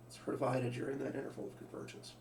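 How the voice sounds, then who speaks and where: A man's voice: mid-range voice, completely flat delivery, fast, darkish tone. A man teaching a math lesson, thinking aloud, restarting phrases and asking rhetorical questions. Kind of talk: lecture. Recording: roomy sound from a distant mic, faint background hum.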